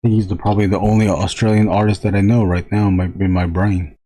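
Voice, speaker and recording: A man chatting casually to viewers while drawing on a live stream, rambling with frequent halting restarts. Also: on the low side, little pitch movement, warm tone, slight background noise.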